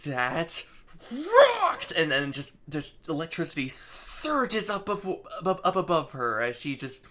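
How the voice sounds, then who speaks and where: A man co-hosting a casual comic book chat, recapping in a halting way full of fillers. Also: on the high side, animated, bright, forceful tone. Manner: halting, lots of fillers and laughs. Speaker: comic book podcast co-host.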